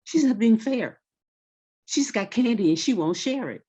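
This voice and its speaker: An indignant little kid begs and complains in a raised, high voice, as a woman storyteller plays her childhood self. The pleas come out quickly and sound wronged. The recording sounds a little dull. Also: lively intonation, mellow, breathy edge. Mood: pleading. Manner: pleading, indignant. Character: pleading young child wanting candy.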